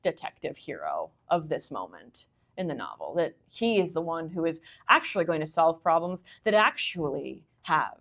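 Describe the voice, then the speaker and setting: A woman's voice: low-pitched, sing-song, moderate pace, creaky, fairly bright tone. A woman speaker at a literary society meeting, answering audience questions in a chatty, enthusiastic way full of asides. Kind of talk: conversational lecture Q&A.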